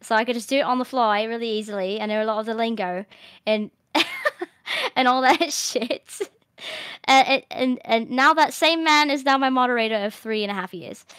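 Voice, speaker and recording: A young woman streamer chatting casually in a rambling, animated way, laughing often. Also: on the high side, moderate pace, clear, resonant tone, dry recording, clean studio sound. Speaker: streamer host. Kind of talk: casual chat.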